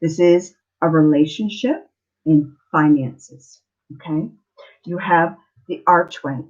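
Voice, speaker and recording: A woman's voice: deep voice, darkish tone, muffled recording. A woman giving a live online tarot reading, earnest and emotional, often checking in with the listener. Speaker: tarot reader.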